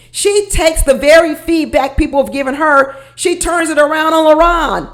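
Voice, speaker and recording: A woman giving casual, animated commentary on a reality show, speaking straight to her viewers and laughing often. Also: high voice, normal speed, hardly any pauses. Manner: talks directly to viewers.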